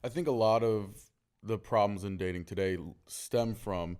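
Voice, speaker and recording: A man's voice: lowish voice, normal speed, clear, resonant tone. Candid storytelling man. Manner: candid, storytelling, animated when quoting. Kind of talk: casual conversation.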